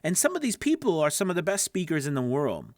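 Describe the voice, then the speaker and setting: A man's voice: a little high, huge pitch swings, fast talker, no room sound, clean studio sound. A man coaching voice actors in a casual, conversational teaching talk with plenty of asides. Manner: conversational, lots of fillers and asides. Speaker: voice acting coach.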